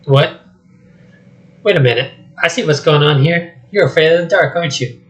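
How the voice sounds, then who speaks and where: Man doing a jittery talking donkey, high yelping chatter, script read-through. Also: moderate pace, natural voice, low-quality recording. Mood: teasing. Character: loud jittery talking male donkey sidekick. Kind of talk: solo script reading with voices.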